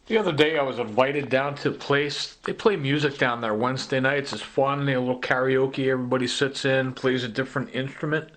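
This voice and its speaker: A man's voice: medium pitch, a little fast, hardly any pauses, a bit bright. A man in a ranting vlog monologue, agitated and accusing, repeating his points. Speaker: vlogger.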